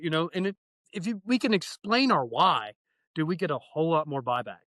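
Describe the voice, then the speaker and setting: A man chatting as a podcast guest about fire training, excitable and profane, acting out bits of dialogue as he talks. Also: on the high side, a little fast, no room sound. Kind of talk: casual podcast chat.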